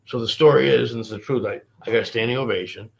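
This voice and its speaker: Brief: male comic, rapid-fire, gravelly, swears freely while spinning long stories. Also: mid-range voice. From Boston. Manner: profane, animated, rambling anecdotes. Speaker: stand-up comedian guest. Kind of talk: casual storytelling interview.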